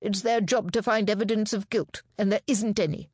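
A woman's voice: mid-range voice, steady tone, normal speed, darkish tone, husky, dry recording, pitched above the performer's own voice, natural voice. A weary, prickly middle-aged man, acted by a woman reader in an audiobook. He answers curtly and wearily, with a snap under it. The sound is close and dry. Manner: weary, curt, snappish.

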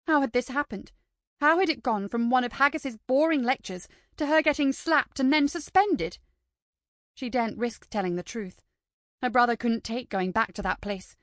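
A woman reading an audiobook in steady scripted narration. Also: on the high side, moderate pace, no room sound, studio quality. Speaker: audiobook reader.

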